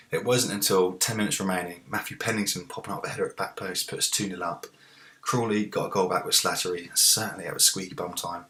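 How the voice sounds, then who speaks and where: A very deep-voiced man commentates on his own football management game in a relaxed, chatty way. He talks through tactics and matches, and erupts into excited cheers when his team scores. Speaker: let's play host.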